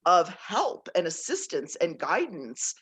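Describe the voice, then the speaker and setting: A woman guest on a casual interview, telling personal stories in an animated way and laughing often. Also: lowish voice, takes it slowly, slightly rough. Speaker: guest author, nature intuitive.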